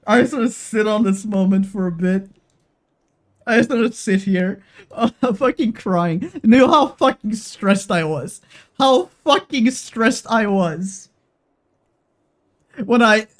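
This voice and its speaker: A young adult woman streaming a game live, talking emotionally and swearing freely as she repeats herself. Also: on the high side. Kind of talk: live-stream gaming commentary.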